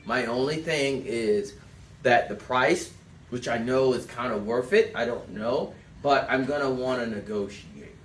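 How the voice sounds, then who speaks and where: A man's voice: medium pitch, unhurried, slight background noise, lightly acted. A man voicing a friendly male customer who wants to negotiate, hedging as he talks. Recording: echoey room, distant mic.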